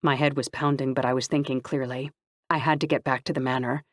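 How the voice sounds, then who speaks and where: Audiobook narrator, first-person novel, steady, mid-pitched, dry close sound. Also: fairly quick, dry recording.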